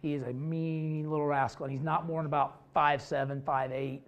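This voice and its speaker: Football coach guy talking defense, blunt and jokey, kinda high voice for a man. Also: fairly quick, lo-fi sound. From Idaho, USA. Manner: blunt, joking, animated storytelling. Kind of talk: coaching clinic talk.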